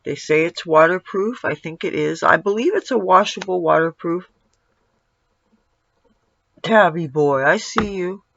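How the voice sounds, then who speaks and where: A man's voice: high voice, moderate pace, gravelly, hardly any pauses, pushed and bright, dry recording. A man giving a casual makeup tutorial at home, rambling and breaking off to talk to his cat. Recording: dull lo-fi, dry sound.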